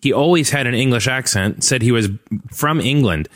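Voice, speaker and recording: A man's voice: medium pitch, expressive, normal speed. A man from Central Florida co-hosting a podcast, telling chatty, laughing anecdotes. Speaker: podcast co-host. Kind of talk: casual chat.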